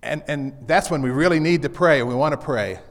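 A man's voice: a little high, brisk. Pastor, man, homely conversational sermon that restates each point, slightly raised voice, echoing church hall. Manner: repeats key lines, folksy asides. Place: church sanctuary.

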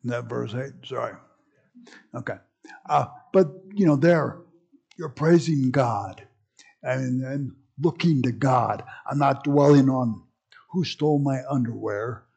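A man's voice: mid-range voice, slow, vocal fry, darkish tone, husky, highs cut off. A man leading a Bible study in a folksy, rambling way, with joking asides.

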